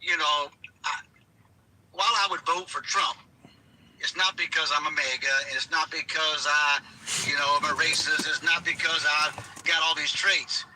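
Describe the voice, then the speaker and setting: A man calling in to a livestream while driving his car, talking haltingly with many restarts. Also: fairly high pitch, steady tone, pushed and bright, slight background noise, rough recording. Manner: hesitant, restarts often. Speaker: caller. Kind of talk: casual phone-in chat.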